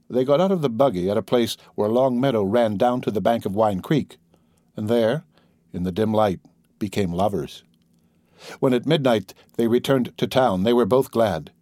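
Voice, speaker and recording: A man reads a classic novel aloud as an audiobook narrator. His delivery is steady and measured, in a middle-pitched voice. The recording is dry and close, with no room sound. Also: dry recording. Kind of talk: scripted narration.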